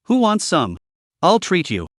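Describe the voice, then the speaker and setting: A rich young man, cool and mocking toward a cheating merchant, read out by a man. The tone is fairly high and lively, with a dry close sound. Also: measured pace, no echo, full character voice. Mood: scornful. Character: wealthy young man, calm but scornful.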